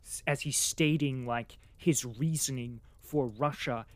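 A speaker reading a chapter of a classic novel aloud, then chatting about it casually and excitedly, with lots of "like"s and acted-out reactions. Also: mid-range voice, unhurried, no room sound. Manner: excitable, many filler "like"s, acts out its own reactions.

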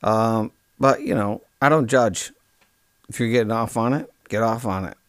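A man hosting a comic podcast, rambling deadpan and correcting himself mid-sentence. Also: fairly low pitch, normal speed, clean tone, no echo. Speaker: podcast host.

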